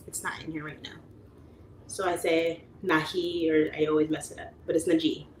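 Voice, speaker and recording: A woman in her late thirties chats casually on a livestream, answering viewer comments with easy laughter and the odd whispered aside. Her voice sits a little low for a woman. The room around her is echoey, with a faint ambient hum. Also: flat delivery, brisk, darkish tone. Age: 30s. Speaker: livestream host.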